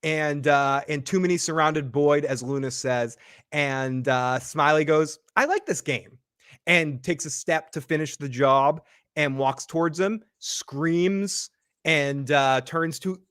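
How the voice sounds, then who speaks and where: A man with a slightly high voice recaps a TV episode with a co-host. He talks excitedly and keeps acting out the characters' lines. The sound is dry and close. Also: unhurried, dry recording. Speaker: podcast co-host.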